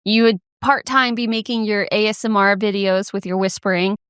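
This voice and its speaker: A woman's voice: mid-range voice, fairly even intonation, normal speed, fairly bright tone, smooth, dry recording. A young woman co-hosting a podcast in a mid-range voice. She chats easily and explains with enthusiasm. The recording is dry and close to the mic. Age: young adult. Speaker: podcast co-host. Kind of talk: casual chat.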